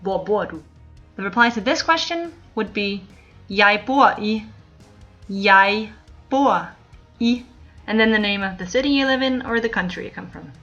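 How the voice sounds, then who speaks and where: A woman from Denmark teaching a language lesson, repeating each phrase slowly and clearly for learners. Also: medium pitch, lively intonation, a bit bright, dull audio, faint music behind. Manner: clear, slow model pronunciation with repeated phrases.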